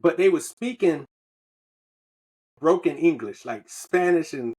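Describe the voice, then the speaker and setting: Man, podcast co-host, husky voice that sits a bit high, rambling slangy storyteller. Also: expressive, slow, darkish tone. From Southern United States. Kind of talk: casual storytelling chat.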